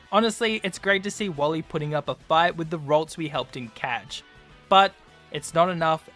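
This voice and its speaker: A young man narrates his gameplay video in a loose, chatty way, dropping in plenty of casual fillers. His voice sits a little high and sounds bright and forceful. Soft music plays quietly underneath. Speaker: YouTuber.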